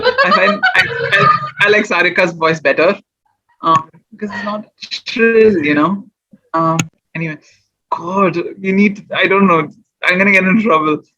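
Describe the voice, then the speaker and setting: On an interview show, a man who writes poetry and runs a small business talks casually about getting his poems published. He rambles with fillers and restarts in a high, pushed, bright voice, and the recording is muffled.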